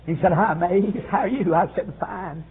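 A man preaching a revival sermon, fervent and swooping, with frequent "uh"s and bursts of shouting. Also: high voice, moderate pace. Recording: tinny phone-like old recording with faint hiss.

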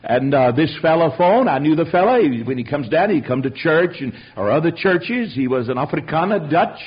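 Male preacher, high and very lively delivery, storyteller with asides, dull lo-fi recording. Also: moderate pace, husky. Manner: animated storytelling with rhetorical asides. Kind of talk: sermon.

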